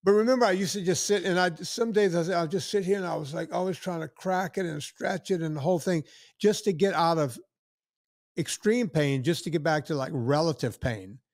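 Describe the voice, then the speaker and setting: A man's voice: a little high, a little fast, dry recording, studio quality. A man in his sixties hosting a podcast, rambling in casual chat with many restarts and acted-out quotes. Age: 60s. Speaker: podcast host.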